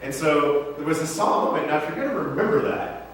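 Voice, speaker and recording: A man's voice: a little high, animated, quick pace, slight background noise. A male pastor preaching a sermon in a casual, joking, conversational way, often asking the congregation questions. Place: church sanctuary. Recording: echoey church hall from far off.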